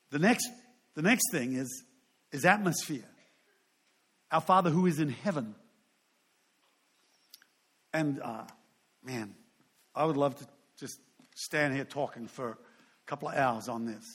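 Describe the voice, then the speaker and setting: A man's voice: medium pitch, slow, long pauses, fairly bright tone, slightly rough. A man in his sixties, a pastor preaching a sermon in a loose, conversational way, full of asides and self-deprecating humor.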